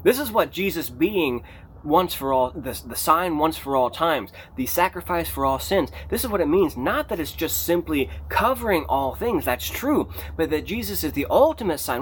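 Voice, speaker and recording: A man preaching an unscripted sermon, emphatic and animated, rising to near shouts on key points. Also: fairly high pitch, moderate pace, a little hiss or hum. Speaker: pastor.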